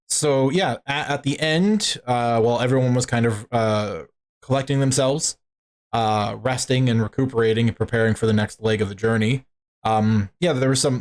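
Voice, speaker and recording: A man running a tabletop game as game master, rambling with many filler words. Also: mid-range voice.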